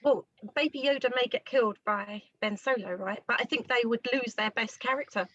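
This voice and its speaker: A woman with a somewhat high voice hosts a casual podcast chat, leading it with friendly questions. Her voice sounds dry and close, with no room echo. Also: a little fast, fairly bright tone, dull audio. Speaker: podcast host.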